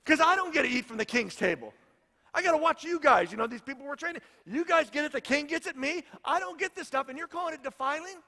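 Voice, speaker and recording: A man's voice: very high-pitched, lively intonation, quick pace, sharp tone, long reverb tail, pitched above the performer's own voice, heavily acted. A man doing an incredulous court official. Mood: indignant. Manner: incredulous, sarcastic. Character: indignant grown-up male court official.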